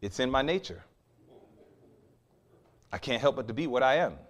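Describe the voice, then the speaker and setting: A man voicing a sly, smooth-talking scorpion in a sermon story, low, soft and coaxing. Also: sing-song, racing, natural voice. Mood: flat.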